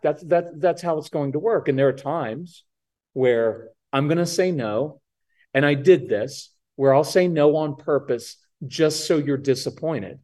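His voice is on the high side and his pace a little slow as this man guests on a podcast as a parenting coach. He talks casually with animation, acting out lines from kids and parents.

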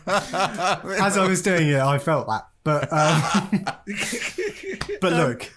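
Laughing podcast host telling stories. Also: male voice, a little high, slow, background noise. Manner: storytelling, laughs often. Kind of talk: casual podcast chat.

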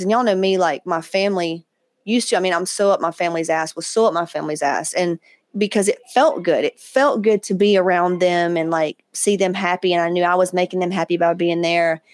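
A woman's voice: lowish voice, fairly quick, no room sound. Frank, profane woman host, dry close sound. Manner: candid, profane, animated, quoting others in asides. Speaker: podcast host. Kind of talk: casual storytelling monologue.

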